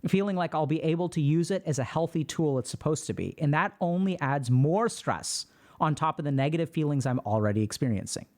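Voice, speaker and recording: A calm man reads a viewer's post aloud on his stream, then talks it through in an explaining, reflective tone. His voice sits a little high for a man. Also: fairly quick. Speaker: host. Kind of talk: reading and commenting on a viewer post.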